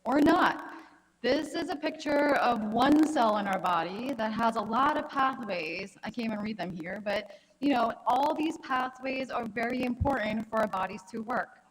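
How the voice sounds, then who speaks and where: A woman's voice: fairly high pitch, animated, normal speed, big-room sound, rough recording. A woman in her thirties, a gynecologic oncologist, giving a friendly, anecdotal health talk at a conference. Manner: friendly, anecdotal, conversational lecturing. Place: conference hall.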